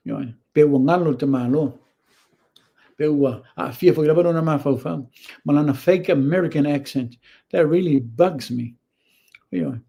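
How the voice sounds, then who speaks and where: Samoan-accented guy ranting on his show, blunt and opinionated, kinda high but mellow voice. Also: gravelly, breathy edge. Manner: blunt, opinionated, switches between Samoan and English. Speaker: host. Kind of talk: casual commentary.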